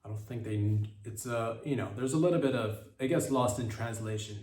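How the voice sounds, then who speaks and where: A man hosting a comedic podcast, rambling through a loose monologue with lots of fillers and sudden excited bursts. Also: lowish voice, fairly quick, few pauses, distant mic. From Canada. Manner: rambling, animated, jumps into excited voices. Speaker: podcast host. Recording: roomy echo, off-mic.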